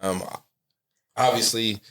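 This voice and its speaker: A man's voice: fairly low pitch, steady tone, slow, a bit bright, echoey room. Laid-back slangy podcast host, a man. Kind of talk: casual interview chat.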